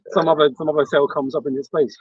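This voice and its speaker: A man co-hosting a religious discussion, chiming in with quick remarks and laughing along. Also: on the high side, level tone. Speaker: podcast co-host. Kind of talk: religious discussion, reading scripture. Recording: dull lo-fi dry recording.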